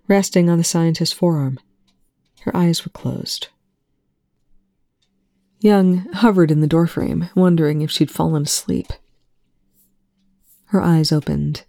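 A woman reading a story aloud in a soft, hushed manner, with quiet dialogue. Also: lowish voice, vocal fry, dry recording, studio quality. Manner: soft-spoken, slow and hushed. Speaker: fan fiction reader. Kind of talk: reading fiction aloud, then casual commentary.

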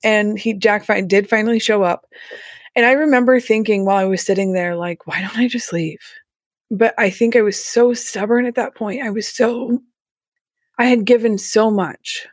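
A woman's voice: medium pitch, steady tone, moderate pace, dry recording, clean studio sound. A woman telling her own painful story as an interview guest, candid and emotional, with a few nervous laughs. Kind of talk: personal story told in an interview.

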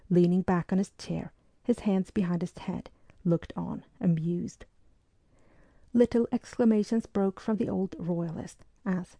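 Woman reading a novel in a low, mellow voice. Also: dry recording. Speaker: audiobook narrator. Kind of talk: scripted narration of a historical novel.

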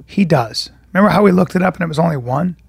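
A man co-hosting a podcast in casual chat, reacting quickly with short, profane remarks. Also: on the high side, expressive, gravelly, husky, no echo, clean studio sound. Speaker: podcast co-host.

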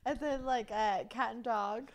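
A woman joins a podcast as a guest and chats casually, joking and playing along. Her voice is fairly high. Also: a little slow, slight background noise. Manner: playful, jokey. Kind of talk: casual chat.

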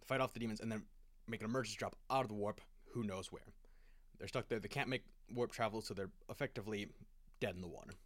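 Low, bright-voiced man telling a long story. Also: quick pace, no echo, clean studio sound. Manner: rambling retelling with acted quotes and restarts. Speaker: lore explainer. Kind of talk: casual storytelling chat.

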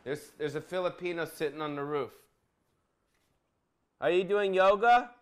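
A man's voice: fairly high pitch, moderate pace. Crude, bossy man joking while cooking. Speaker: vlog host cooking. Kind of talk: casual comedic cooking vlog.

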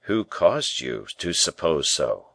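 A man's voice: extremely low pitch, sing-song, vocal fry, fairly bright tone, slightly rough, no echo, heavily acted. Man voicing a grave, guarded bishop. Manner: slow, grave, measured replies.

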